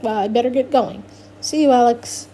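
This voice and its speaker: A woman's voice: on the high side, steady tone, warm tone, a little hiss or hum, lightly acted. A woman reading a middle-aged father caught out in an audiobook, drawing out his words and sounding guilty. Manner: drawn-out, guilty hedging.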